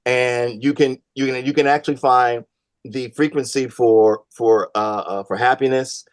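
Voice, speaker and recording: A man appearing as a comedian guest, joking on a radio panel in a halting way with many fillers. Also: mid-range voice, fairly even intonation, no room sound. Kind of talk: comic banter.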